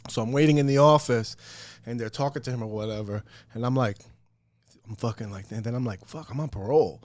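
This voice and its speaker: Animated, profane man telling a story. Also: mid-range voice, fairly quick, no room sound. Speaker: podcast guest. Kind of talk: casual storytelling.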